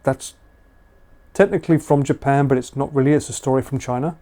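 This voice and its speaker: A man's voice: medium pitch, fairly even intonation, brisk, mellow. A man casually chatting with viewers during a live stream, joking and laughing often. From United Kingdom. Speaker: livestreamer. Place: house.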